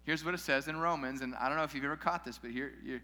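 A man preaches to his congregation in a relaxed, conversational sermon style and throws in joking asides to the crowd. His voice sits a bit high and has a bright, forceful edge. It rings out in a large church hall with a long reverb. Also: quick pace.

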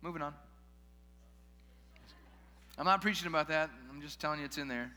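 Bright-voiced male preacher in echoing hall. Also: on the high side, normal speed. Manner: casual, joking asides to the crowd. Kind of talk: sermon. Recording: long hall reverb.

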